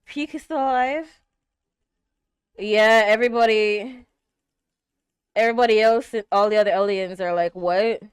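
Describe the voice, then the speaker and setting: A young woman reacting to an anime episode, exclaiming and gasping, swinging between hushed murmurs and loud outbursts. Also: on the high side, measured pace, pauses often, clear, resonant tone, dry recording. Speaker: reaction streamer.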